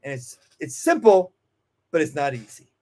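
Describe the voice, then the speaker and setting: A man who trains dogs, talking casually in an interview and acting out nervous and calm voices as examples. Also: a little high, normal speed. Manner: animated, acts out anxious and calm voices to make a point. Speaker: dog trainer.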